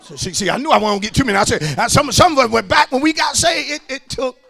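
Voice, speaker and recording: A man preaching a sermon as pastor, shouting and half-singing his lines, calling out to the congregation. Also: very high voice, lively intonation, racing, gravelly, breathy edge.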